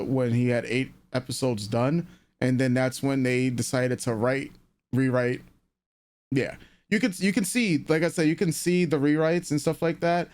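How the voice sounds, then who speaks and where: A man co-hosting a reaction channel, chatting casually in a rambling, halting way with many fillers and restarts. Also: medium pitch, a little mellow, clean tone. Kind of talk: casual review chat.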